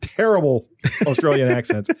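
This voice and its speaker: A man's voice: mid-range voice, very animated, normal speed, darkish tone, no room sound, clean studio sound. A man co-hosting a podcast, chatting casually and explaining points. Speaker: podcast co-host. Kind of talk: casual chat.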